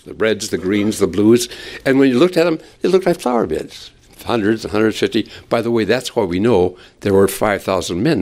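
A man teaching through a Bible passage in an expository sermon, acting out quoted lines with conversational asides. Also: on the low side.

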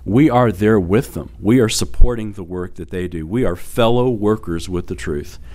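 A man's voice: on the low side, moderate pace, dark tone. A middle-aged man preaching a sermon as pastor, telling stories in a conversational way with fillers and light laughter.

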